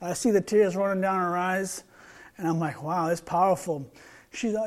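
Male street preacher, high voice, earnest, repeats himself while reading scripture. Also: moderate pace. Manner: earnest, repeats words and restarts, reads scripture aloud. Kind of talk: sermon with retold street conversation.

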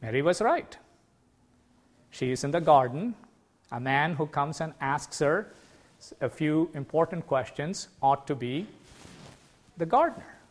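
A man with a fairly high, lively voice preaches a sermon. He's earnest and emphatic, slowing down to stress key words.

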